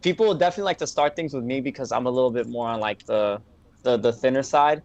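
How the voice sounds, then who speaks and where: A man telling a profane, animated story in a casual chat with his co-host. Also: mid-range voice, quick pace, dull audio. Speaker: delivery worker and show co-host.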